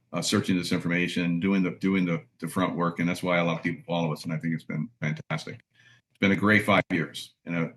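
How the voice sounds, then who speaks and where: Deep-voiced male host, halting casual delivery. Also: a bit bright. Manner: halting, many "uh" fillers. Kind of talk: casual chat.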